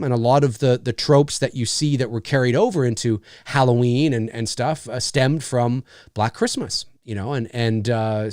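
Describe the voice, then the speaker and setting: A man's voice: mid-range voice, darkish tone, no echo, clean studio sound. A man hosting a casual live stream, rambling through viewer comments with lots of fillers and frequent laughs. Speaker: live show host.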